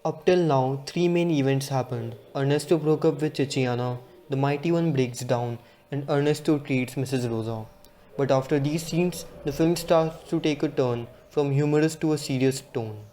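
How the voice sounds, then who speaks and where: A man presents to his class, reading his notes aloud in a steady, earnest way. His voice is mellow and relaxed, with a middling pitch. He sounds like a student working through his part of a presentation. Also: normal speed.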